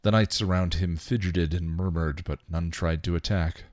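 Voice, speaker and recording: Man, very deep voice, story narration, dry close sound. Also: fairly even intonation, moderate pace, darkish tone, dry recording. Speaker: reader. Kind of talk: reading fan fiction aloud.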